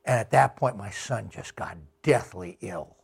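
A middle-aged man giving a talk with slides, telling travel anecdotes slowly with many fillers. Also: lowish voice, vocal fry, slightly rough. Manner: slow, unhurried anecdotes with fillers. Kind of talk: storytelling talk.

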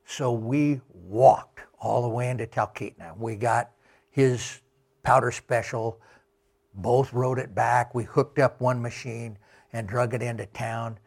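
A middle-aged man giving a talk with slides, telling travel anecdotes slowly with many fillers. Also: medium pitch, fairly even intonation, gravelly, darkish tone. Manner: slow, unhurried anecdotes with fillers. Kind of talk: storytelling talk.

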